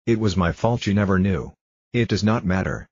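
A man's voice: sits low, expressive, moderate pace, a little mellow, no echo. A man reading as a proud, fragile flower. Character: proud, fragile female flower, gently scolding. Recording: dull lo-fi dry recording.

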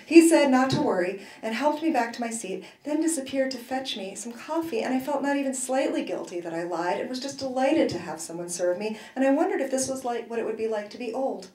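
A woman's voice: on the high side, animated, a little fast, hardly any pauses, darkish tone, echoey room, low-quality recording. A woman author reading aloud from her novel at a university event, in a wry first-person voice with brief asides.

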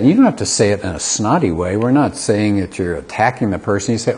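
A man's voice: fairly low pitch, animated, quick pace, a little mellow. A middle-aged man, a community college teacher, giving an earnest lecture to a live audience, asking rhetorical questions and acting out both sides of short dialogues.

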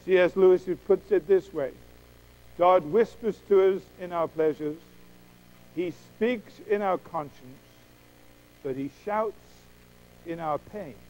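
Male preacher, sermon delivery, emphatic and dramatic, pitched high. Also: darkish tone, poor audio. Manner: emphatic, dramatic pauses, quotes God's voice.

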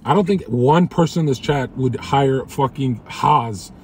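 Male streamer in a car; brash, crude, mid-pitched trash-talker. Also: unhurried, slight background noise. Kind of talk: casual livestream chat.

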